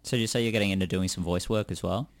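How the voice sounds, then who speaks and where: A male host asking short, curious questions in a casual interview. His voice sits low and he speaks quickly, recorded dry. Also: fairly even intonation, dry recording. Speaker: radio show host.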